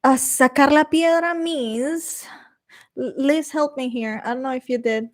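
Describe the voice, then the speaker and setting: A young woman, fairly high-voiced, talks casually to her chat on a stream. She rambles from one topic to the next and reads out comments as they come in. She swears offhandedly and switches freely between English and Spanish. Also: measured pace.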